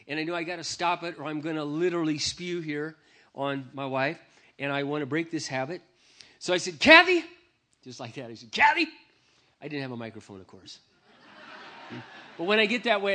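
A man's voice: a little high, a bit bright. A man giving a humorous, self-deprecating personal testimony to an audience, speaking into a microphone. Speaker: Christian speaker.

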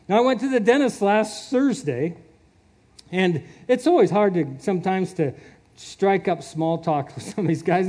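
A man's voice: sits high, a little mellow. A man preaching a sermon in an earnest way, chuckling often and repeating his words.

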